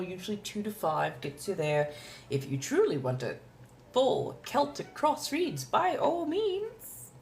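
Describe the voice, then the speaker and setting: Calling her viewers darlings, a woman from Southern California does a tarot reading on a live stream at home, her casual chat theatrical and drawn out. She has a mid-range, slightly mellow voice, and there's a little hiss or hum.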